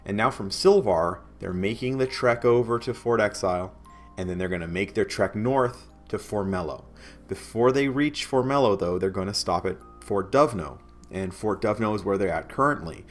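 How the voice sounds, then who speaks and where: A man's voice: lowish voice, moderate pace, faint music behind. A man acting as game master, casually recapping a tabletop game session at home, rambling with many restarts. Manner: rambling, many restarts, chuckles now and then.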